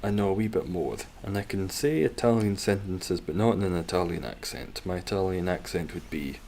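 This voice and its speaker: A man's voice: sits low, lively intonation, a little fast, darkish tone, a little hiss or hum. A Scottish man chatting casually while streaming a game, rambling, joking and swearing as he reads out viewers' comments. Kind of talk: casual gaming stream chat.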